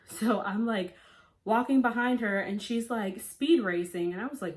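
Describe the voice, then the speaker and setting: A woman's voice: on the high side, moderate pace. A young woman vlogger telling a personal story in a chatty, casual way, full of "like" fillers and quoted lines. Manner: chatty, frequent "like" fillers, animated quoting. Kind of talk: storytime vlog.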